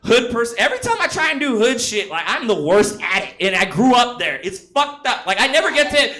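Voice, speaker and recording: Bright, high-voiced man rambling profane stand-up. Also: very animated, a little fast. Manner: profane, rambling, laughs at his own jokes. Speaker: stand-up comic. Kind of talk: stand-up comedy set. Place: comedy club stage.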